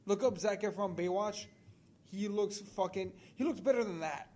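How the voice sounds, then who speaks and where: High-voiced, excitable, swearing man. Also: normal speed. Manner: profane, excitable, swears a lot. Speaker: podcast co-host. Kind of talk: casual movie chat.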